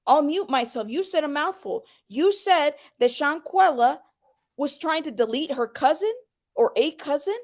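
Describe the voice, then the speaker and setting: A livestream host with a high-pitched voice is calling out a viewer in her chat, heated and confrontational. She addresses her audience directly in a blunt, casual manner, animated and at a moderate pace.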